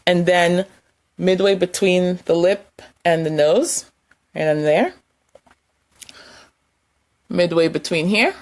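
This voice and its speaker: A woman giving a casual, conversational lesson, demonstrating tapping points with her hands and chuckling now and then. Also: on the low side. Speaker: wellness instructor. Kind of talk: casual instructional talk.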